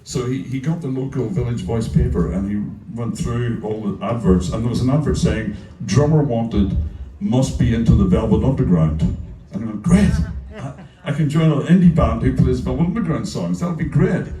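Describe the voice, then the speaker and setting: A man from Ireland, a musician, telling animated anecdotes on stage and acting out the voices of the people in them. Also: medium pitch, moderate pace. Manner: animated, acts out voices in quotes, laughs often. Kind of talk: casual onstage storytelling. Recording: echoey club from a distance.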